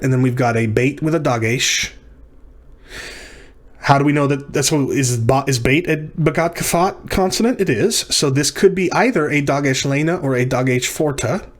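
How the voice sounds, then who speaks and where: A man teaching a recorded lecture, talking through each exercise step by step. He thinks aloud, pauses on ums and corrects himself as he goes. His voice sits at an ordinary middle pitch.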